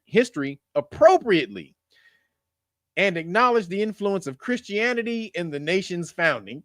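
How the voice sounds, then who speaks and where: Animated, profane man reading news. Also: fairly high pitch, no echo, clean studio sound. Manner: profane, laughing, mocking asides between read headlines. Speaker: show host reading news. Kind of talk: casual news commentary.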